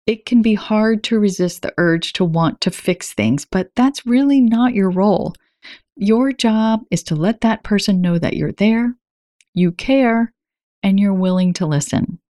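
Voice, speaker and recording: A woman in her forties hosting a self-help podcast, talking in a warm, conversational and encouraging way. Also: medium pitch, expressive, a little slow, dry recording, studio quality. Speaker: podcast host.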